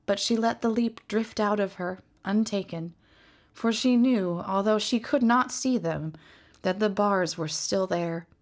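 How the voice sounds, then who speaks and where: A woman with a mid-range voice reads a fantasy novel aloud, telling the story in a measured and expressive manner.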